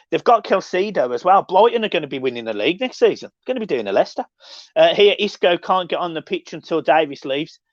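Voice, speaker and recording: A man hosting a casual live stream, reading and answering chat with sweary, excitable banter. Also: fairly high pitch, no echo. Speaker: livestream host reading chat. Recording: dull lo-fi dry sound.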